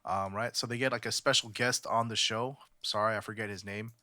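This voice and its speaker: Young guy from california rambling on a podcast, bright voice, dry sound. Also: on the low side, steady tone, brisk, no echo. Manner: rambling, many fillers and restarts. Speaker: podcast co-host. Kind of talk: casual podcast chat.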